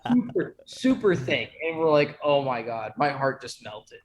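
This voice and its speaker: A man's voice: mid-range voice, unhurried. Chatty man telling a story. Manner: storytelling, excitable. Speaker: podcast co-host. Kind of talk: casual chat.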